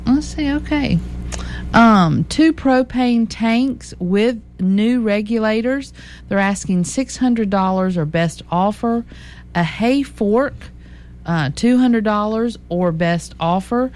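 A woman with a Southern US accent, co-hosting local radio, chatting casually and then slowly reading classified listings and phone numbers. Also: on the high side, animated, a little mellow. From American South.

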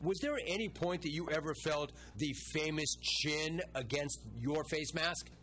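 A man's voice: on the high side, measured pace, fairly bright tone, a little hiss or hum. A man hosting a sports interview, enthusiastic and emphatic, often repeating himself for stress. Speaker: sports show host.

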